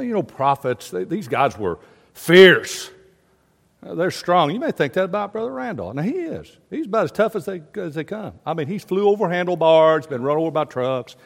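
A male pastor preaching a sermon with passion, swinging between loud declaiming and quiet, confiding asides. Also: a little high, big-room sound.

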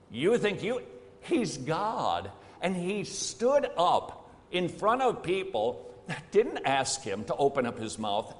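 Man, sermon, emphatic, plain-spoken, rhetorical questions, long church reverb. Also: mid-range voice. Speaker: preacher.

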